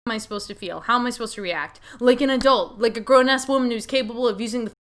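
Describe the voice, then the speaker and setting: A woman voicing a furious girlfriend in a story game, shouting and cursing sarcastically. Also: fairly high pitch, fast talker, lightly acted. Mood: yelling.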